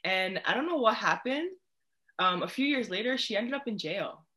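A woman's voice: medium pitch, animated, normal speed, bright, forceful tone. A young woman, a poet guest on a podcast, chatting casually and speaking out emphatically. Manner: outspoken and emphatic. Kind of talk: casual chat.

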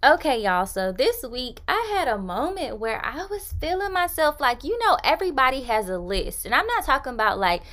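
A woman's voice: sits high, sing-song, moderate pace, hardly any pauses, fairly bright tone. A young woman hosting a faith-based podcast, talking in a chatty, upbeat way with casual slang. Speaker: podcast host.

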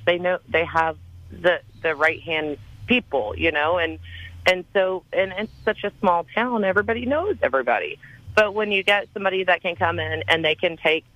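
A woman with a Southern US accent, a real estate agent, speaking warmly and at length on a conference call, with many restarts. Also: low voice, no room sound, muffled recording. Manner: effusive, rambling, many restarts.

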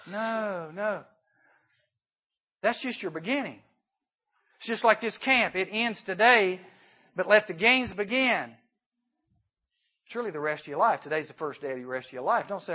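A man giving an emphatic sermon at a youth camp, swinging between hushed and loud. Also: high-pitched, moderate pace, pauses often. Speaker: camp speaker. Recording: dull lo-fi recording.

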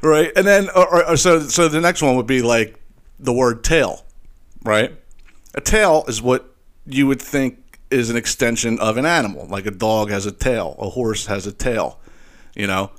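A man with a slight Philadelphia accent, hosting a podcast in a rambling, animated monologue full of profanity and restarts. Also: medium pitch, normal speed. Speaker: podcast host.

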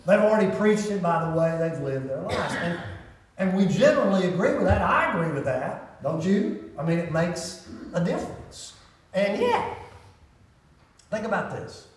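A middle-aged man preaching a sermon as pastor, talking in an animated, conversational way and asking the congregation questions. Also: sits high, normal speed. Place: church sanctuary. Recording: roomy echo from a distance.

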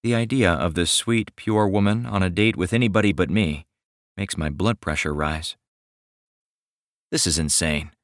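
A man with a low voice reads a novel aloud in first person, wry and confiding, as if letting you into his thoughts. The recording is close and dry, with no room around it. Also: normal speed, no room sound. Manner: wry, confiding inner monologue. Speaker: audiobook narrator. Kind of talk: first-person audiobook narration.

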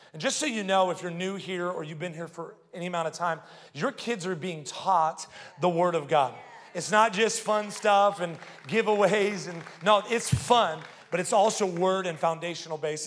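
A male pastor preaching a sermon with energetic storytelling, urging the congregation to respond aloud. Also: high-pitched, in a large hall. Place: church auditorium.

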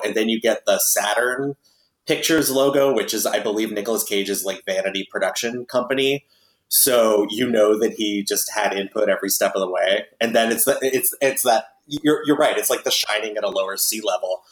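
Wry, chatty man with a low voice. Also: roomy sound, rough recording. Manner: chatty, wry, many fillers. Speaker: podcast host. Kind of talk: casual movie podcast chat.

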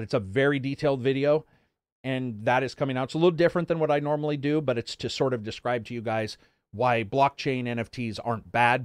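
A man's voice: mid-range voice, no echo. A man hosting a casual gaming podcast stream, telling loose, profane stories with lots of laughs and asides. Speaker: podcast host. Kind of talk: casual live-stream chat.

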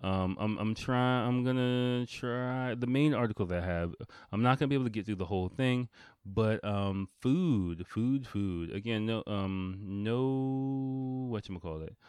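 A man in his thirties rambles through a story with a lowish voice, swearing freely and laughing as he goes. The sound is dry, with no room echo. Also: measured pace, a little mellow, smooth. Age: 30s. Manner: rambling and profane, with frequent laughs and fillers. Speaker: vlogger. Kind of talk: casual storytelling.

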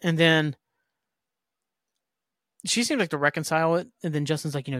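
Speaking at a moderate pace in a fairly high, somewhat bright voice, a male podcast host gives a rambling, filler-heavy recap of an episode, cursing now and then. It's recorded in a studio with no audible room sound.

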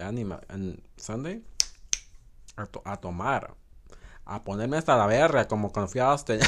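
Young guy rambling on his podcast, cussing a lot, laughing, voice jumps all over, a bit high. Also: a bit bright. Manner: crude, laughing, switches between English and Spanish. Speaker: podcast host. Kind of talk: casual solo podcast chat.

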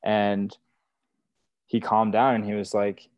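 A young man talks slowly and flatly in a lowish voice as he tells stories from his wilderness therapy guide work on a podcast. His casual, earnest manner is filled with "like" and "you know," and the lo-fi audio has no echo.

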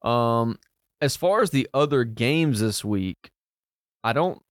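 A man's voice: medium pitch, animated, no echo. Chatty man, dry close sound. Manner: chatty, laughs often, quick asides. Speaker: podcast co-host. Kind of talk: casual chat.

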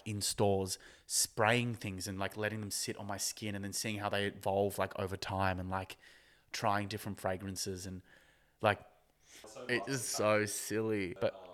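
A man's voice: fairly low pitch, a bit bright. A man, a podcast guest, chatting casually in a rambling, giggly way, filling his talk with "like".

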